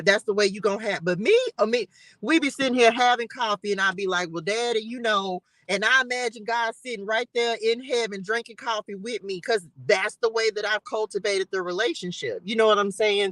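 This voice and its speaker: Woman, faith live-stream host, fervent repeated exhortations, crisp bright tone, dry sound. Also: mid-range voice, a little fast, no echo, rough recording. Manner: fervent, repetitive exhortation with laughs. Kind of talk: casual spiritual encouragement talk. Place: in a car. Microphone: live-stream device mic.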